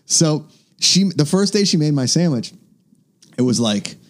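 A man's voice: fairly high pitch, very animated, unhurried. A man co-hosting a comedy podcast, chatting casually and acting out the people in his stories. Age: young adult. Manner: storytelling, acts out voices of people in his stories. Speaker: podcast co-host.

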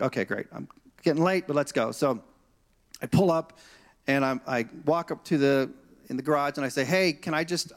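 A male pastor preaching in a storytelling style, acting out dialogue from his anecdotes. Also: fairly high pitch. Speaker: senior pastor. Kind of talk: storytelling sermon. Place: church stage.

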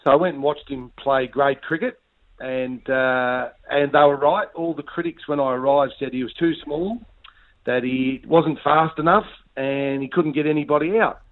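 A man's voice: medium pitch, moderate pace. A man, a cricket coach and co-host, telling a teasing story on radio. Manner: teasing, anecdotal. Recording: tinny phone line.

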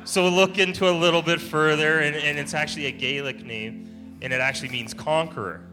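A man's voice: a little high, steady tone, fairly quick. A man giving an informal testimony-style sermon at church, telling stories in a chatty way and laughing often. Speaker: church speaker. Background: soft guitar music.

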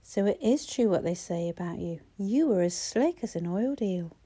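A wry female teacher, brisk and outspoken, ribbing a colleague, as the narrator puts her on. Her voice sits warm and mellow, close to the reader's own. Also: medium pitch, animated, slightly rough. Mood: teasing.

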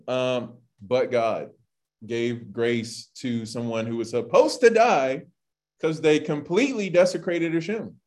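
A man's voice: medium pitch, lively intonation, a little slow, a little mellow. A man leading a casual Bible study, talking in a chatty way and jumping between asides and acted-out quotes.

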